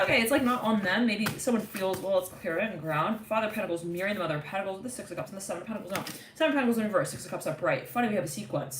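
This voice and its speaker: A woman giving a live tarot reading in a chatty, intuitive way, full of fillers and small laughs. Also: mid-range voice. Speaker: tarot reader. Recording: echoey room, distant mic, loud noise.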